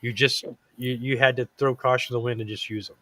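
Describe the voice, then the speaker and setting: A man hosting a casual talk show, speaking earnestly in a rambling way, full of fillers and false starts. His voice sits at a middling pitch and is recorded close and dry, with no room sound. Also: fairly even intonation, fast, a bit bright, dry recording. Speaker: podcast host. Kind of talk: casual chat.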